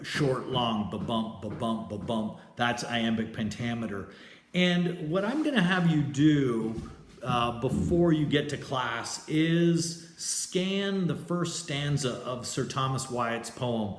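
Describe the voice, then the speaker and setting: A man's voice: medium pitch, echoey room, a little hiss or hum. A man teaching a poetry class in a casual lecture style, hesitant and loose, with many fillers and restarts. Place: classroom with a chalkboard.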